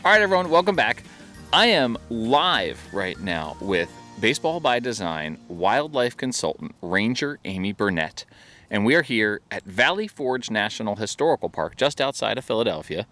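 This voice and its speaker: A man's voice: lowish voice, big pitch swings, normal speed, bright, forceful tone, faint music behind. A man hosting a podcast in casual chat, joking and laughing easily, recorded outdoors at a park. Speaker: podcast host.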